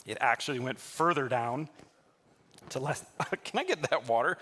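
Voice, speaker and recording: A man preaching a sermon as a pastor to his live congregation in a church, telling stories in a lively way and teasing the listeners with jokes. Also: medium pitch, measured pace, long pauses, background noise. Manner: lively, joking storyteller who teases the congregation.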